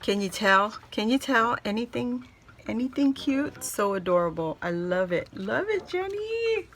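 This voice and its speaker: A woman, middle-aged, chatting casually to camera as a craft vlogger, gushing and excitable as she shows off things. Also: medium pitch, moderate pace, slight background noise. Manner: gushing, excitable, squeals with delight. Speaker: craft vlogger unboxing happy mail.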